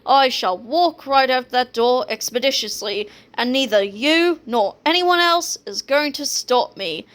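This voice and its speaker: A haughty male gym teacher turned evil genius, rolling out big words in a put-on British accent. He speaks slowly and grandly, savoring each syllable, as a woman reads him aloud. The pitch sits a bit high for a man. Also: a bit bright.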